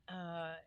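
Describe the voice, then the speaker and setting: A middle-aged woman, a livestream host and small business owner, runs a casual live stream from her home studio, greeting viewers by name in a chatty, heartfelt way. Her voice is on the low side, with no room sound.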